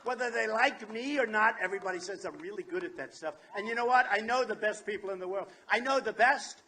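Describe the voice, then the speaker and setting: Boastful man giving a high-pitched rally speech. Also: brisk. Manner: boastful, repetitive, shouting at times. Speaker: political candidate. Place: outdoor state fair rally.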